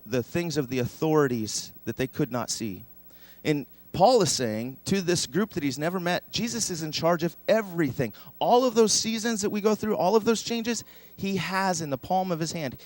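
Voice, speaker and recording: A man's voice: fairly high pitch, no room sound. A man preaching a sermon as pastor, emphatic and leading the congregation in repeating a verse. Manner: emphatic, leads congregation in call-and-response. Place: church sanctuary.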